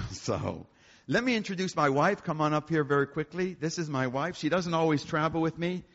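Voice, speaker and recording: A man's voice: fairly high pitch, moderate pace. An older man, a concert pianist, telling joking stories to an audience at a church. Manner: animated, joking storyteller. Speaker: concert pianist and guest speaker. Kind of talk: storytelling talk to an audience. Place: church hall. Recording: echoey hall, dull lo-fi sound.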